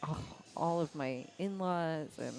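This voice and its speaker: A co-commentator at a pool match who talks in a lively, casual way and laughs a lot. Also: medium pitch, measured pace, gravelly, soft background music. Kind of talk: casual live sports commentary.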